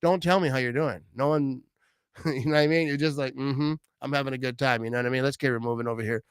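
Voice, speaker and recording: A young man hosting a casual sports talk show, excitable and slangy, reading out fan messages. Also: mid-range voice, quick pace, smooth, no echo. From Wisconsin. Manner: excitable, slangy, says "bro" and "you know what I mean" a lot.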